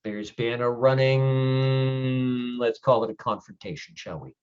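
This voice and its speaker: A man playing a gruff, grumpy older male changeling lord who speaks bluntly and swears in halting explanations. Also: mid-range voice, muffled recording, close to an everyday voice. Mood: grave.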